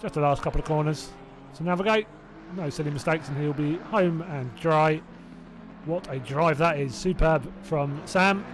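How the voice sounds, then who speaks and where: A man's voice: a little high, normal speed, slight background noise. A man from Hertfordshire with a southern English accent commentating a sim race live, chatting and rambling with viewers between calls. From Hertfordshire, England. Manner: chatty and rambling, self-doubting asides, laughing to himself.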